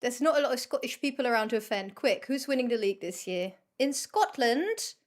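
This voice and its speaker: High-voiced woman streamer. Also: fast talker. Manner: chatty, reacts aloud to the game. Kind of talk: casual chat while streaming a game.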